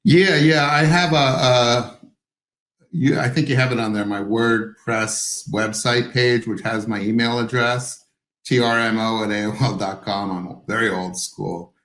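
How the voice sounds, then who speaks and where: A man's voice: mid-range voice, fairly even intonation, unhurried, fairly bright tone, echoey room, poor audio. A man, an author being interviewed, who talks hesitantly with many fillers and restarts. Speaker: author guest. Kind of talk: interview over video call.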